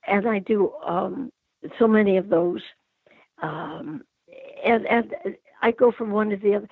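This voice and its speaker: An older woman, an author, chatting in an interview, halting now and then with fillers. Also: medium pitch, creaky, slightly rough, no room sound. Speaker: author guest. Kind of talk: casual interview chat. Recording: tinny phone line, dry.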